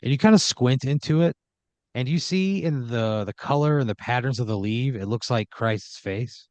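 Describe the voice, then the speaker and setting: A man's voice: medium pitch, expressive, normal speed, darkish tone, no room sound. A man hosting a podcast and improvising a horror comedy story in the second person, with frequent "like" fillers.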